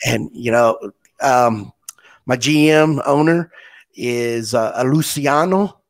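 A man's voice: mid-range voice, slow pace. Laid-back male podcast host. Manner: relaxed storytelling, many restarts. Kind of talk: casual interview chat.

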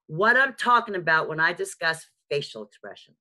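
A woman with a strong New York accent leads a beginner class over a video call. Her voice is bright and forceful, and she talks in a frank, chatty way, tossing in jokes at her own expense. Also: on the low side. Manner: lively, chatty and frank, with quick asides and self-mocking jokes. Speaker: sign language teacher. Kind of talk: live online lesson. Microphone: video call microphone.

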